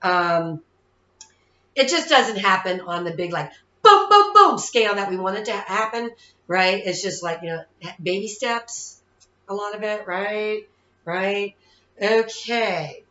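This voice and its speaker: A woman's voice: medium pitch, expressive, takes it slowly, sharp tone. A woman in her thirties hosting as a psychic-medium, talking casually and rambling, often checking in with "okay?". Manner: chatty, rambling, keeps asking "okay?". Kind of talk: casual monologue to viewers. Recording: echoey room, dull lo-fi sound.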